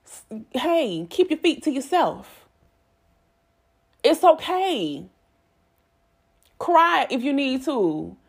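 A woman's voice: high voice, very animated, very slow, creaky, pauses often. A woman, giving herself and her listeners an emphatic, repetitive pep talk in a casual vlog. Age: 20s. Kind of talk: motivational self-talk monologue.

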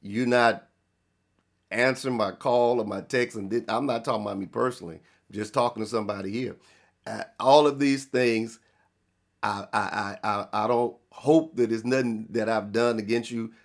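A male pastor preaching a sermon, with sudden loud emphatic rises and slow drawn-out stresses. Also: lowish voice, fairly even intonation.

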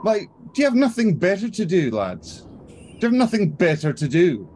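A man doing an exasperated gruff dwarf. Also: sits high, huge pitch swings, normal speed, a little mellow, slight background noise, voice pushed up. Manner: heavily accented, indignant rant.

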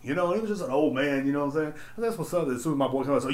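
Blunt, cursing podcast host; fairly high-pitched male voice recorded in an echoey room. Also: racing. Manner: profane, animated, blunt. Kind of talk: casual storytelling rant. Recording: roomy echo.

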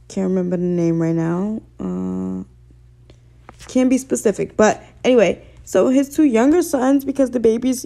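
A young woman rattles on in a gravelly, fry-laden voice, excitable and swearing freely. Her tone is dark and mellow, loose slang pouring out as she talks straight to her viewers. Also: medium pitch. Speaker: vlogger. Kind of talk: casual excited vlog talk.

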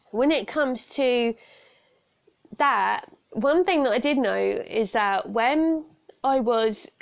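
A young woman hosts her podcast alone from home, talking frankly and earnestly with plenty of asides. Her voice sits a little high with a clear gravelly fry. Recorded close on a podcast microphone. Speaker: podcast host. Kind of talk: casual solo podcast talk on personal safety. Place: room at home.

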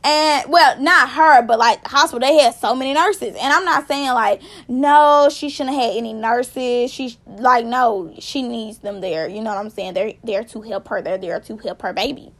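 High-voiced woman ranting animatedly. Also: normal speed, hardly any pauses. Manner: animated, profane, emphatic ranting; speaks directly to viewers. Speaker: vlogger. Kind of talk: casual storytelling commentary.

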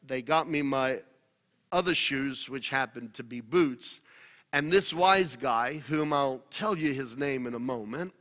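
Bright-voiced joking pastor from New York. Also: male voice, fairly high pitch. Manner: jokey, anecdotal. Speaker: pastor introducing a guest. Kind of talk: church announcement and storytelling.

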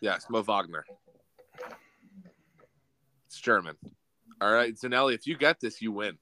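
A man's voice: fairly low pitch, animated, measured pace, sharp tone, rough recording. A young man hosting a casual sports quiz on a podcast, teasing the players and calling out the score. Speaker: podcast host, quizmaster.

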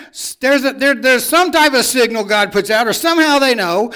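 A man with a high voice preaches a sermon, hammering points home through repetition. He shifts between loud declarations and hushed, confiding asides. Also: normal speed, hardly any pauses, clear, resonant tone.

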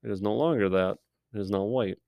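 A man with a somewhat low voice co-hosts a casual podcast, teasing his partner with quick jokes. The sound is dry and close, with no room echo. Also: creaky, darkish tone. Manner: joking, teasing, quick asides. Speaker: podcast co-host.

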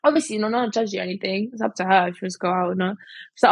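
A woman's voice: medium pitch, rapid-fire, breathy edge, no room sound, rough recording. A young woman chatting casually in a storytime vlog, full of fillers and mimicking other people in quotes. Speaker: vlogger.

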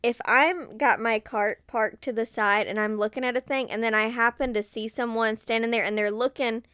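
A young woman co-hosting a podcast in casual chat, animated, acting out her own lines. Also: a little high, moderate pace, smooth, no room sound, clean studio sound. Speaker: podcast co-host.

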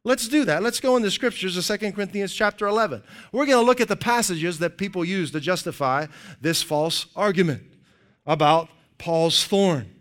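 A middle-aged man preaching a sermon as pastor, conversational and animated, tossing out rhetorical questions. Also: high-pitched, moderate pace.

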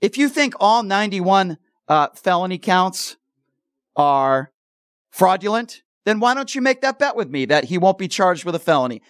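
High-pitched radio host guy, blunt and argumentative, dry studio sound. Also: very animated, moderate pace, clear, resonant tone, no echo. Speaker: radio talk show host. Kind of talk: call-in radio talk.

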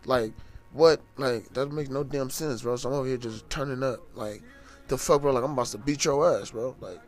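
A man's voice: mid-range voice, moderate pace, faint music behind. A young man from the United States telling a story in a casual, profane, heated way. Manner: profane, heated, animated retelling.

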